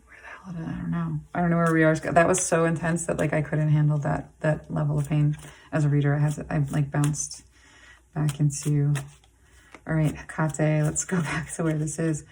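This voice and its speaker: A woman giving an intuitive tarot reading to camera, halting and rambling with many "like"s and restarts, emotionally intense and pausing to sigh and breathe. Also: deep voice, completely flat delivery, creaky, a little mellow, breathy edge. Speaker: tarot reader.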